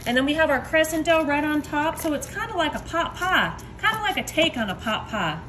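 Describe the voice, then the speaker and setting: Woman home cook, high bright voice, chatty and upbeat, faint kitchen hum. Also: expressive, brisk. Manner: chatty, upbeat, addresses viewers as y'all. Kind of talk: casual cooking demo.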